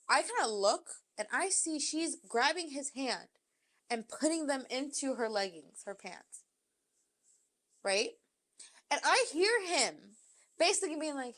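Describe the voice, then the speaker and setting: A young woman co-hosts a casual podcast, telling a wild story with animated energy. Her voice sits a little high and she swears freely as she acts out what people said. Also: moderate pace. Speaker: podcast co-host.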